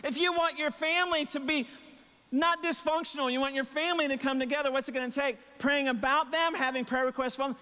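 A man's voice: very high voice, fairly even intonation, brisk, bright, forceful tone, big-room sound. A male pastor preaching an impassioned sermon with emphatic repetition and rhetorical questions, his voice a little strained. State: voice strained, catching his breath. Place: church sanctuary.

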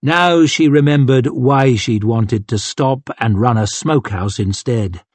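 A man narrating a fantasy audiobook in a measured, dramatic storytelling manner. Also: mid-range voice, breathy edge, no echo. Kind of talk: scripted narration.

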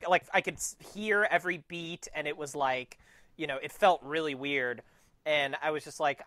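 A man co-hosting a casual podcast, telling stories with self-mocking humor. His voice is bright and a little high. The recording is dry. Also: moderate pace, dry recording. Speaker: podcast co-host. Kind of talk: casual chat.

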